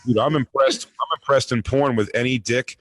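A man's voice: mid-range voice, fairly bright tone, no room sound. A man co-hosting a podcast, joking in brash, profane casual banter. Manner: brash, profane, quick jabs. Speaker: podcast co-host.

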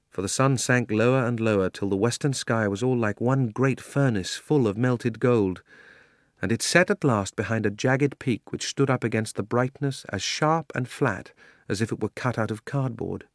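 A man reads a children's storybook aloud in a measured, even manner. His voice sits at a middling pitch. The sound is dry and close, with no room in it. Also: no room sound. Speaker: audiobook narrator. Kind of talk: scripted narration.

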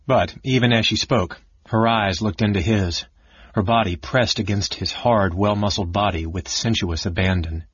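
A man narrating a fantasy audiobook with a steady storytelling delivery. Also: on the low side, normal speed, husky, dry recording. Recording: dull, dry lo-fi audiobook recording.

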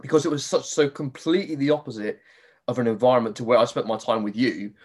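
A man hosting a podcast, telling a story in a lively casual way, swearing freely and acting out his own reactions. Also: medium pitch, fast talker, breathy edge. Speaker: podcast host.

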